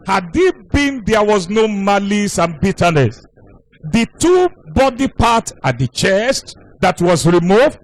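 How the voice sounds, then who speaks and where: A man's voice: sits high, very animated, unhurried, no echo. A male pastor preaching a sermon in an emphatic, repetitive cadence.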